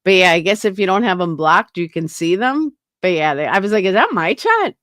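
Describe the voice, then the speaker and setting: A woman's voice: fairly low pitch, a little fast, fairly bright tone, dry recording, clean studio sound. A woman hosting a casual livestream, talking bluntly with frequent swearing and answering her chat. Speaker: livestream host.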